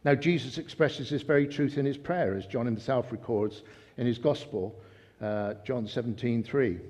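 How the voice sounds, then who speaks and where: A man preaching a sermon, reading scripture and explaining it, swelling into fervent emphasis at times before settling back to calm teaching. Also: mid-range voice, normal speed. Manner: builds to fervent, rising emphasis, then calmer teaching. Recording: long reverb of a hall.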